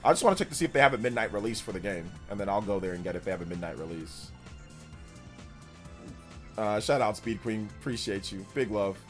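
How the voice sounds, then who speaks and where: A man's voice: on the low side, expressive, fast, faint music behind. A man hosting a gaming livestream, talking loosely and rambling as he thanks viewers by name. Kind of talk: casual livestream chat.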